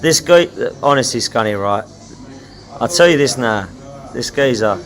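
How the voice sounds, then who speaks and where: A man's voice: mid-range voice, measured pace. A man co-hosting a casual chat, telling stories animatedly and quoting others. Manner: animated storyteller, quoting people. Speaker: podcast co-host. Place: hotel lobby.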